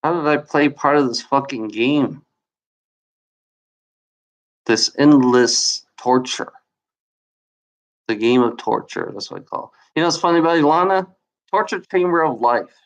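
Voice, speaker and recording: A man's voice: medium pitch, a bit bright. A man venting angrily in a rambling, profane video rant, repeating himself often and saying he has been lied to. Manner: angry, feels lied to. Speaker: YouTuber.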